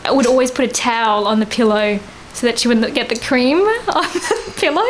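High, giggly woman. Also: normal speed, slight background noise, poor audio. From Australia. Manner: giggly, rambling, laughs often. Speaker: guest. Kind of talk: casual storytelling chat.

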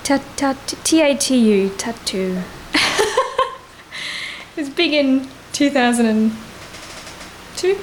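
A woman in her thirties with a high, bright pitch, chatting as a guest and spinning a rambling anecdote. She giggles constantly between lines, with a faint hiss of noise behind her. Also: slow pace, long pauses, poor audio. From Australia. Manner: giggly, rambling, laughs often. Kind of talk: casual storytelling chat.

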